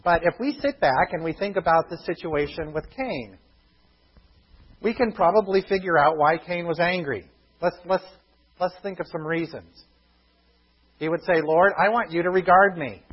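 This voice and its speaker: Husky guy preaching, kinda high voice, dull lo-fi sound. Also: moderate pace. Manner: earnest preaching, swings between emphatic and hushed. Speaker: pastor. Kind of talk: sermon.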